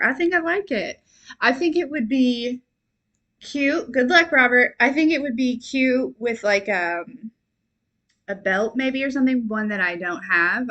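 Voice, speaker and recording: A young woman hosting a live stream, chatting warmly and rambling, giggling and at times tearful with gratitude. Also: a little high. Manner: chatty, rambling with many fillers. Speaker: livestream host and intuitive reader. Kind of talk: casual livestream chat.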